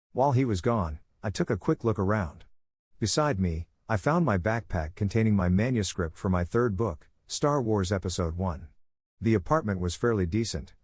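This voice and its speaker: A man reads a fan-fiction story in a steady, even storytelling voice. His register is low, and the close, dry recording has no room sound. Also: no echo. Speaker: narrator. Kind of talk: scripted fan-fiction narration.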